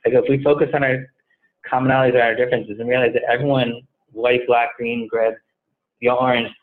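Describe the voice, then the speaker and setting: Fast-talking man on a tinny line. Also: medium pitch. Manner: animated, acts out dialogue in retold conversations. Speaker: guest, staffing company head. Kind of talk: storytelling interview answer.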